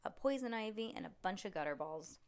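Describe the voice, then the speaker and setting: A woman's voice: mid-range voice, animated, brisk, lightly acted. A woman reading aloud, voicing a sulky young boy complaining about his bad bowling. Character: grumbling young boy who lost. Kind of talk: reading a picture book aloud.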